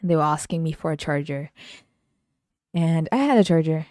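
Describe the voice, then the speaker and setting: A young woman with a low, warm voice hosts a podcast. She tells stories in a chatty, animated way, laughs often and jumps into the voices of the people in them. The sound is close and dry. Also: moderate pace, no room sound. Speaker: podcast host. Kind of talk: casual solo storytelling.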